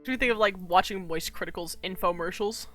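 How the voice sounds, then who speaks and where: A woman running a tabletop game on a stream, giggly and jokey and quick to laugh. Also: medium pitch, fairly bright tone, soft background music. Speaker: game master. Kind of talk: casual tabletop game chat.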